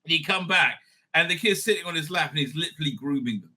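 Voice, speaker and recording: A man's voice: fairly high pitch, quick pace, very noisy. A middle-aged man hosting a casual live-stream review. He rambles, swears a lot and laughs often. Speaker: rabbi and show host.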